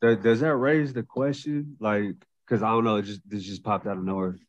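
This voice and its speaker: A man's voice: fairly low pitch, steady tone, normal speed, no room sound, lo-fi sound. A man, a podcast guest, raising thoughtful questions in casual chat with hesitant restarts.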